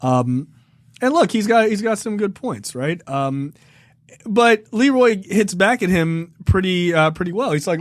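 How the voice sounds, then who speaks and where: A man's voice: a little high, measured pace, no echo, studio quality. A man co-hosting a film review podcast in loose, profane casual chat, laughing and acting out lines from the show. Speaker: podcast co-host.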